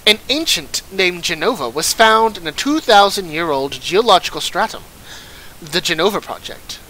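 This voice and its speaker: A man voicing a cold, menacing male swordsman villain, speaking slowly and calmly while reading the lines of a game. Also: sits high, poor audio. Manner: slow, calm and measured.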